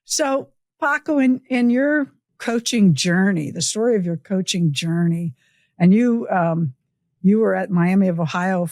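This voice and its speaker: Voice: medium pitch, measured pace, darkish tone, dry recording. An interviewer with a mid-range voice reminisces about shared coaching years, laughing often between remarks. The questions are loose and friendly. The recording is dry and close. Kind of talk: casual interview.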